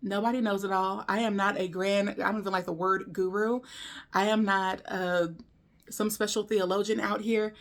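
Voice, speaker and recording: A woman's voice: mid-range voice, little pitch movement, normal speed. A woman presenting a discipleship course in a casual teaching style. She talks conversationally and asks her listeners many rhetorical questions. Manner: frequent ums and restarts.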